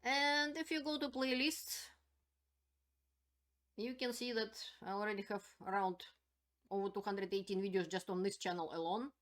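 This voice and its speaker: A woman's voice: mid-range voice, steady tone, normal speed, pauses often, fairly bright tone. A woman hosting her own channel, giving spoken political commentary in an indignant, emphatic way and repeating her points.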